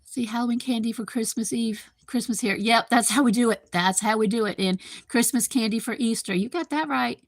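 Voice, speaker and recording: A woman's voice: a little high, fairly quick, hardly any pauses, dry recording. A woman, rambling casually as she hosts a live stream from her home kitchen and chats with viewers by name. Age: 50s. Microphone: computer microphone.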